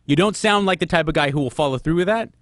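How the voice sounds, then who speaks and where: A man's voice: fairly high pitch, fast talker, a bit bright, no room sound, studio quality. A man hosting a call-in radio advice show, giving frank advice and firing off probing questions. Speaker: radio host.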